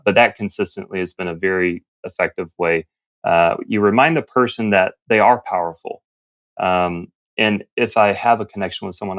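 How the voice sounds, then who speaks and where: A man who is a neurologist and a podcast guest, calmly explaining and telling stories. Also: deep voice, no echo. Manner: calm, explanatory storytelling. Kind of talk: interview, explaining.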